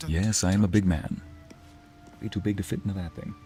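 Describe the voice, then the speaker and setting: A man's voice: low-pitched, fairly even intonation, normal speed, dark tone, faint music behind. A man streaming a video game, chatting casually with viewers and answering their messages, sometimes slipping into Spanish phrases. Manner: chatty, reads and answers chat aloud, drops into Spanish phrases.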